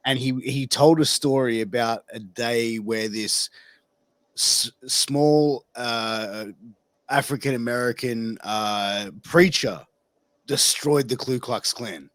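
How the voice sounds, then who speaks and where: A man hosting a casual interview, telling stories in an animated way and swearing freely. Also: mid-range voice, slow pace, no echo. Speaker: podcast host.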